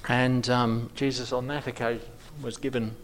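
A man's voice: mid-range voice, flat delivery, moderate pace, a little hiss or hum. A man leading an informal Bible study, talking hesitantly with many ums and restarts.

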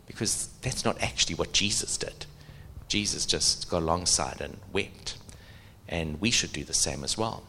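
A middle-aged man preaching a sermon, animated, asking the audience questions. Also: low-pitched, moderate pace, slight background noise.

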